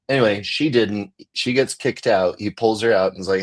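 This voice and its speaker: Lively, low-voiced American man telling a story. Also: brisk. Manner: animated, acts out quoted voices, laughs often. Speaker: comedian guest. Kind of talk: casual storytelling chat.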